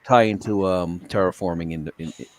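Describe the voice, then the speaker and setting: A man in a casual group chat who speaks haltingly and hesitantly. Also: sits low.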